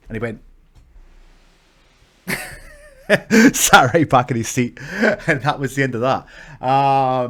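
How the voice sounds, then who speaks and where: Lively Scottish man telling stories. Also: on the high side. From Scotland. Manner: animated, swears freely, acts out the people in his stories. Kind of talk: casual storytelling vlog.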